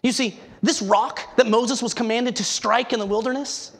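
Gravelly, husky-voiced preacher. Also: mid-range voice, fairly even intonation, normal speed. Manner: emphatic, asks rhetorical questions. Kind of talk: sermon.

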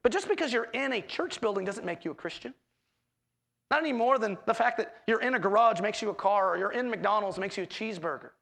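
A man preaching a sermon as pastor, expressive, acting out quoted voices with swings in pitch. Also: quick pace, vocal fry.

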